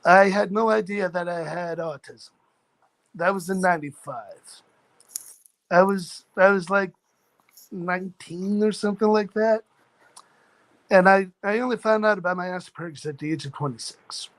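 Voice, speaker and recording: A man's voice: sits high, moderate pace, long pauses. A man in his forties casually telling a long personal story in a rambling, earnest, matter-of-fact way. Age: 40s. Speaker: chat room participant.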